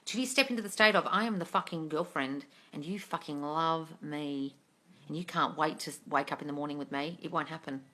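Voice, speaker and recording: On a phone or webcam live stream, a manifestation coach runs a casual Q&A, answering chat questions bluntly, swearing freely and calling viewers darling. Her voice sits low, with a sharp tone and a slightly fast pace.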